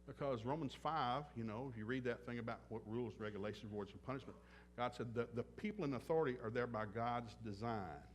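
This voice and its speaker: A man's voice: mid-range voice, a little fast, a little hiss or hum. A man preaching a sermon at a church service, blunt and joking, acting out little scenes with other voices. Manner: joking, blunt, acts out dialogue. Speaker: pastor. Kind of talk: sermon with acted-out anecdotes.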